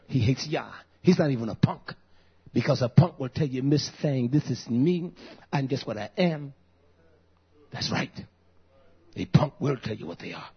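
A man in his fifties preaching a fiery sermon, breaking into shouts. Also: mid-range voice, slightly rough. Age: 50s. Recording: dull lo-fi recording.

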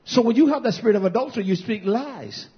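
Husky preacher swinging from mutters to shouts. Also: male voice, very high-pitched, lively intonation, quick pace. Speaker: pastor. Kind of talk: fiery sermon. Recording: dull lo-fi sound.

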